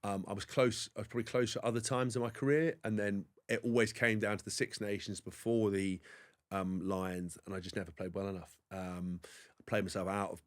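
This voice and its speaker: Fast-talking man telling rambling stories. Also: lowish voice. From England. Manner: rambling, animated anecdotes with frequent restarts. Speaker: podcast guest, former rugby player. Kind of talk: casual interview storytelling.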